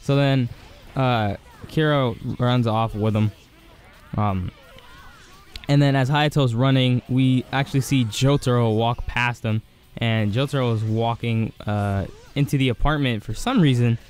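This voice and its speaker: A man casually recapping an anime episode in an excited, rambling way, full of fillers. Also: mid-range voice, measured pace, faint music behind. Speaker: anime reviewer.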